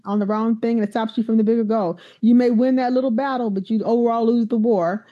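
A middle-aged woman, a university president, telling stories in an animated, emphatic way in a conversational interview. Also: on the high side, fast. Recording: dull lo-fi sound.

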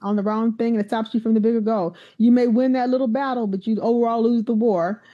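Animated woman telling stories, muffled sound. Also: on the high side, quick pace. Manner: animated storyteller, acts out quoted voices. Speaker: university president, guest. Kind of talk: conversational interview storytelling.

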